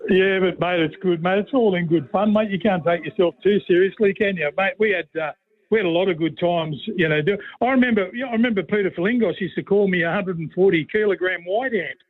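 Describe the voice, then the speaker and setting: A man's voice: high voice, quick pace. A middle-aged Australian man, a former player turned commentator, chatting on the radio and telling rambling, matey yarns. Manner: rambling, matey, fond of a yarn. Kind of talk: casual radio chat. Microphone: phone call. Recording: tinny phone line.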